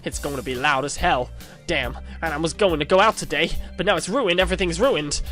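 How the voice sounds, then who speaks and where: A man voicing a paranoid, conspiracy-obsessed young man who rants loudly and frantically. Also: fairly high pitch, brisk, soft background music. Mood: panicked. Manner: frantic, shouty ranting.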